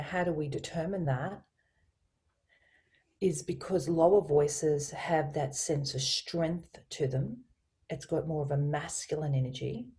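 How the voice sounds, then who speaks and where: A woman voice coach speaking as a guest on a video call, explaining communication in an expressive, teacherly way. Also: sits low. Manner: expressive, teacherly, varies her inflection. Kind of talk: explanatory interview talk with spoken tone demonstrations.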